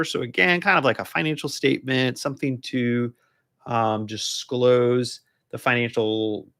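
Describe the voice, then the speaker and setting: A man's voice: medium pitch, a bit bright, clean tone. A man, working as a divorce lawyer, explaining a court filing in a casual, rambling live stream full of fillers and restarts. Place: law office.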